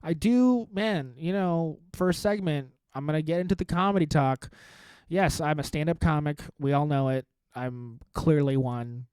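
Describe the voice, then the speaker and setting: A man's voice: fairly high pitch, unhurried, a little mellow, smooth, dry recording. A man in his thirties hosting his own podcast, a stand-up comic talking in a rambling, self-mocking, profane way. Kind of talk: casual solo podcast monologue.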